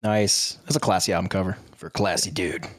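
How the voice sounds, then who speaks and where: A man's voice: deep voice, steady tone, a little fast, dry recording, studio quality. A man co-hosting a casual music podcast from home, making wry joking remarks. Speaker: podcast co-host. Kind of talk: casual chat. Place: home room by a window.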